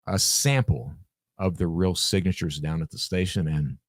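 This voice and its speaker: A man's voice: sits low, moderate pace, no room sound. A man guest on a podcast, telling a story casually, acting out the dialogue and swearing freely. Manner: animated, acts out quoted dialogue, swears freely.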